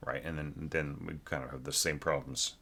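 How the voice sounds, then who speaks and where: A man's voice: extremely low pitch, steady tone, normal speed, pushed and bright. A man giving a loose, rambling spoken critique of a student's orchestration, full of fillers and sung musical figures. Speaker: orchestration teacher.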